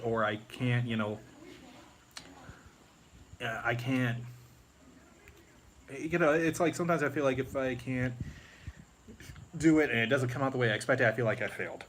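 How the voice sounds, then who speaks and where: Man, live-stream chat, rambling, filler-heavy, average pitch, faint hiss. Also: fairly bright tone. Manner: rambling, many fillers, breaks into movie-quote impressions. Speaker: YouTube creator on a live stream.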